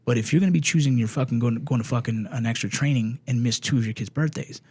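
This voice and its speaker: Man, middle-aged, fast, husky, profane animated storyteller, dry studio sound. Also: mid-range voice, no room sound. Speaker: podcast guest, former Army Ranger and border patrol. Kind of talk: casual podcast chat.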